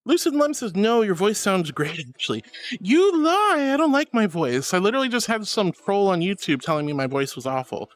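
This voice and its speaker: A man's voice: sits high, very animated, brisk, few pauses. A bubbly, affectionate man streaming and chatting casually as he reads out viewer messages. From Florida. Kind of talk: casual chat reading messages.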